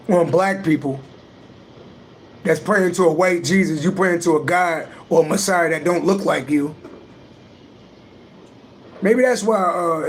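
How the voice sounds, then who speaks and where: This astrology reader's voice sits high as he hosts a livestream, talking casually, bluntly, and emphatically with heavy profanity. Slight background noise is present.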